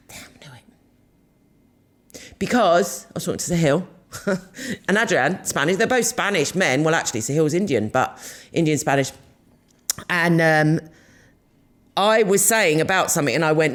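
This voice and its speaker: A woman's voice: on the low side, unhurried, long pauses. Bantering South London woman in her fifties. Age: 50s. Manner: bantering, teasing, laughs often. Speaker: podcast co-host. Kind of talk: casual chat.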